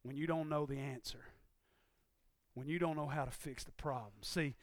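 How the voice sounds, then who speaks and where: A man preaching a sermon in a folksy way, dropping to quiet asides and rising to shouted, impassioned peaks. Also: fairly even intonation, moderate pace, dry recording, clean studio sound. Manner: swings from low conversational asides to shouted, impassioned climaxes; folksy, uses ain't and y'all.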